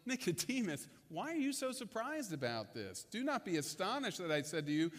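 A man voicing Jesus as a calm, patient teacher in a sermon retelling, speaking softly and lowered. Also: brisk, big-room sound, heavily acted.

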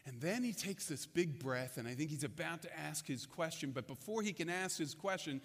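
High-voiced preacher in a reverberant hall. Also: male voice, lively intonation, slightly rough. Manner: conversational storytelling, with dramatic pauses. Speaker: pastor. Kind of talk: sermon.

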